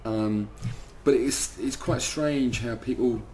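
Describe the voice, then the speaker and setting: A man's voice: medium pitch, slow pace, mellow, a little hiss or hum. A man, telling rambling, swearing anecdotes in an interview. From London, second generation Irish. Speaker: band member. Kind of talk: casual interview storytelling.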